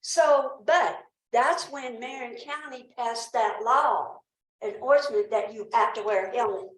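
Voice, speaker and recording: A woman's voice: on the high side, measured pace, echoey room, low-quality recording. A woman with a Southern accent addressing a town council, talking in a nervous, rambling way and struggling a little with her speech. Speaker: resident speaking at public comment. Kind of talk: emotional personal account. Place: town council meeting room.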